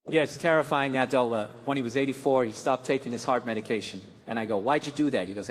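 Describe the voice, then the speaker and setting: A man doing stand-up in a raised, high-pitched register, ranting with sardonic exasperation. He switches into quick acted-out voices of the people in his stories between his grumbling complaints. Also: very animated. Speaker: stand-up comedian. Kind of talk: stand-up comedy set.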